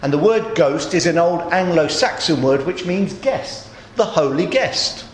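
A man preaching a sermon in a conversational storytelling way, his voice a little groggy and hoarse. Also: on the high side, animated, measured pace, reverberant, a little hiss or hum.

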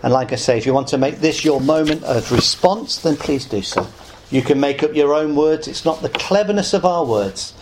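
A man preaching an evangelistic sermon, earnest and pleading, lifting his voice on key words and dropping low and soft at the close of phrases. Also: moderate pace, background noise.

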